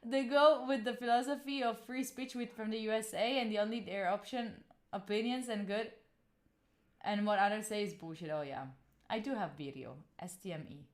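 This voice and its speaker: She's a livestreamer in her twenties from Italy, speaking English with an Italian accent at a moderate pace and medium pitch. Animated and blunt, she swears freely while reading and answering her chat.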